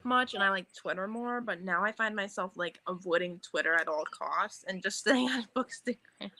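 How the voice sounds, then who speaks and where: A young woman chatting casually on a reading stream, quick and full of "like" fillers. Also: mid-range voice, pushed and bright. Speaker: guest reader on a stream. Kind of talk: casual chat.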